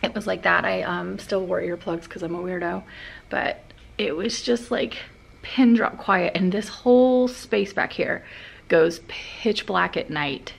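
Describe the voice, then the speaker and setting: A woman's voice: fairly low pitch, measured pace, vocal fry. A young woman vlogging casually, telling stories in a chatty way full of fillers. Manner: chatty storytelling, many fillers like "like". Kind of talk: casual vlog chat. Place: hotel room and outdoor path.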